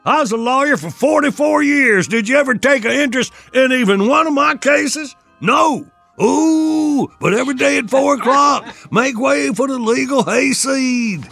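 A man's voice: very high-pitched, animated, normal speed, creaky, fairly bright tone, soft background music, exaggerated voice. A man playing a grumpy retired old lawyer. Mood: grumbling. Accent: Southern US. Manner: bickering, sarcastic.

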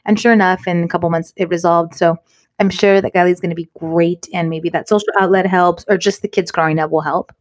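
Woman, podcast co-host, mother of three, quick, animated storytelling. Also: lowish voice. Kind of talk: casual chat.

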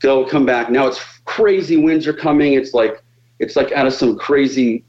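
A man's voice: medium pitch, moderate pace, highs cut off. A man telling stories as a podcast guest, swearing freely and acting out the people in them. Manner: profane, animated, acts out quoted voices. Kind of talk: casual storytelling on a podcast.

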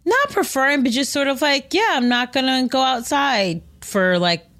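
A woman's voice: high voice, lively intonation, normal speed, fairly bright tone. A woman, a podcast guest, chatting playfully with lots of fillers. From United States. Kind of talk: casual podcast chat.

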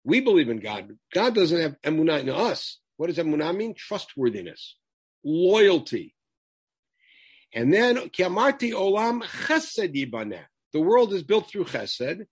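Man, Bible teacher, husky voice, high and animated, emphatic. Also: unhurried, dry recording. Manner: lively, emphatic, quotes Hebrew verses then translates. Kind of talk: Torah lesson.

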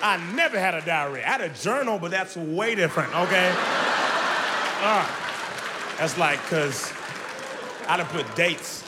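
A man doing an animated stand-up comedy routine with playful crowd work, loud and lively, recorded live on stage. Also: high voice, a little slow, long pauses, very noisy. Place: live show venue with audience. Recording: live stage mic, hall echo, crowd laughter.

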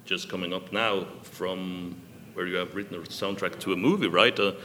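A man hosting an interview, asking leading questions in a measured way. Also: low voice, fairly even intonation, bright, forceful tone. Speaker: interview host. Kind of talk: podcast interview. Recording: reverberant hall with faint noise.

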